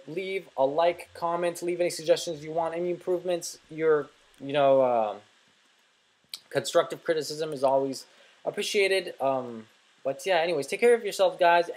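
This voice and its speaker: A man's voice: fairly high pitch, a little fast, darkish tone, poor audio. Rambling young man swearing over gameplay. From North America. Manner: rambling, swears freely, many fillers. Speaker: let's play host. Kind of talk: casual gameplay commentary with rambling stories.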